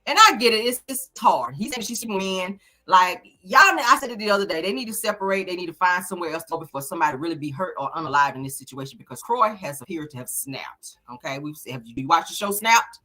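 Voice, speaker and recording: A woman's voice: on the low side, expressive, fast talker, few pauses, sharp tone. A woman hosting a casual celebrity gossip commentary, blunt and emphatic, swearing freely. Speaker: host.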